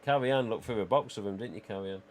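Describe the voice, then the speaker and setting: A man's voice: fairly low pitch, racing, slight background noise. A man hosting a livestream, chatting casually and rambling with lots of "you know" asides. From England. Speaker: livestream host.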